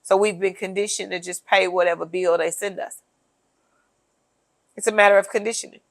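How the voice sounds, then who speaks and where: A woman's voice: mid-range voice, steady tone, fairly quick, dry recording. Woman, podcast co-host, sardonic, emphatic, dry close sound. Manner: emphatic, sardonic, lays out points one by one. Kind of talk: casual political chat.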